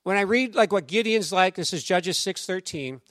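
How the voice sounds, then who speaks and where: A man preaching a sermon in a conversational, animated storytelling way, acting out quoted voices. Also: high voice, normal speed, dry recording, clean studio sound. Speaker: pastor.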